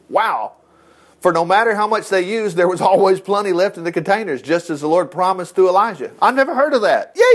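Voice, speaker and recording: Folksy, animated preacher, man. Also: on the high side. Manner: folksy, animated, reads scripture then riffs with asides and laughs. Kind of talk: sermon with Bible reading.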